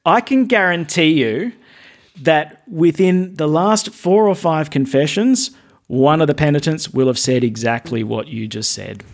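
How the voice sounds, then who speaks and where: A man's voice: fairly high pitch, lively intonation, a little slow. A man with an Australian accent, a Catholic priest speaking as a podcast guest in casual chat, earnest and witty, often repeating phrases for emphasis.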